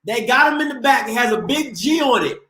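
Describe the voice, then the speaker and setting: A man's voice: very high-pitched, lively intonation, fairly quick, bright, forceful tone, roomy sound, poor audio. A man hosting a live call-in sports show, trash-talking playfully and boasting as he goes.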